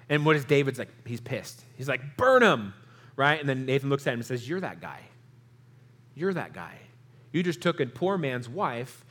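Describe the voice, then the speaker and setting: A man preaching a sermon in a conversational way, acting out the people in the story and asking the audience questions. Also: mid-range voice. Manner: animated, acts out quotes in character voices. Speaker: pastor.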